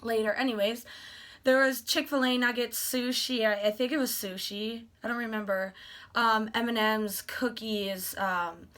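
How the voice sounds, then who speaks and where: Young woman, vlogger, fairly high voice, bright, excited, chatty. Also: unhurried. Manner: excited, gushing, acts out quoted dialogue. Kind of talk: casual storytelling vlog.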